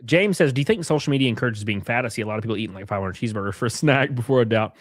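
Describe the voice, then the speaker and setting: A young man talks loosely to his live-stream audience, swearing and laughing as he riffs on viewer comments. His voice sits in an ordinary middle pitch and sounds dry and close, with no room around it. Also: animated, racing, no room sound. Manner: crude, joking, laughs often. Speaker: livestream host.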